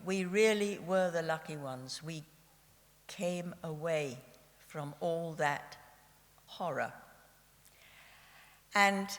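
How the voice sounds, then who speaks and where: Speaking at a civic memorial event, this Austrian Holocaust survivor in her nineties recounts her own story with gentle irony at a slow, deliberate pace. Her voice sits lowish, and a long reverb from the hall hangs on the sound.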